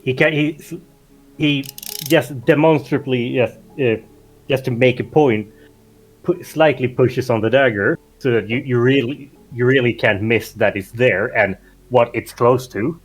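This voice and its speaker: A man narrating actions in a tabletop game, halting and full of restarts. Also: medium pitch. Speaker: player narrating his character's actions.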